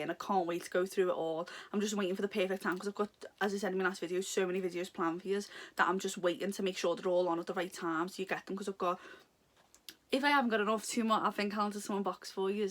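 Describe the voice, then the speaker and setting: A young woman chatting casually through an unboxing, giggly and gushing, rambling off topic. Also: medium pitch. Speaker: vlogger unboxing a subscription box. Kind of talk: casual chat.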